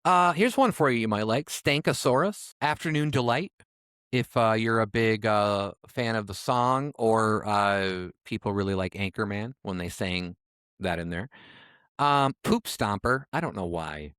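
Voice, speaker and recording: A man's voice: lowish voice, unhurried, a bit bright, clean tone, no echo, studio quality. A man co-hosting a podcast in casual chat, reading out odd names and adding wry asides. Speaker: podcast co-host.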